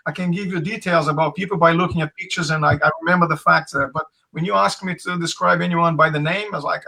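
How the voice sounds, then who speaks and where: Gravelly Essex man, bright voice. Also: fairly high pitch, steady tone, fast, few pauses, rough recording. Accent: Essex English. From England. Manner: chatty, storytelling with acted quotes, frequent restarts. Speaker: Krav Maga instructor, guest. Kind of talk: casual interview over video call.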